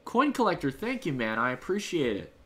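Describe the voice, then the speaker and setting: A livestream host answers his viewers' chat messages in a casual, upbeat, rambling way, full of fillers and restarts. His voice is fairly high and sing-song, a little fast and a bit bright.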